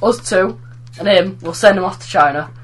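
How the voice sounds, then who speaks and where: A man's voice: high-pitched, moderate pace, husky. A man on a casual podcast, making dry joking asides. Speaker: podcast co-host. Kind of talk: casual chat.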